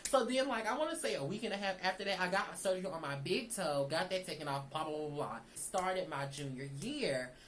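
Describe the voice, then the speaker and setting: A woman's voice: lowish voice, brisk, few pauses, a little hiss or hum, rough recording. Chatty young woman telling a story. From Southern United States. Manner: chatty, animated, talks straight to viewers. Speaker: vlogger. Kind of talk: casual storytime.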